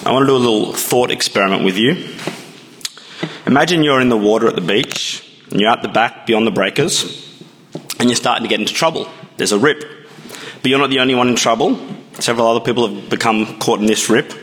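A man preaching a sermon, measured and storytelling, with lots of rhetorical questions. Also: medium pitch, fairly bright tone, big-room sound.

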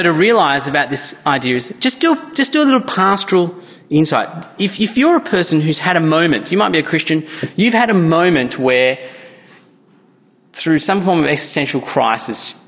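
A pastor with a voice on the high side and a fairly bright tone preaches in church, earnestly and conversationally, restarting often. The hall gives the recording a long reverb.

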